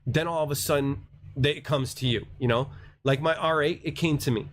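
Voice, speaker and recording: A man's voice: fairly high pitch, fairly quick, slight background noise. A man hosting a crypto livestream, ranting casually in a rambling, slangy, self-mocking way.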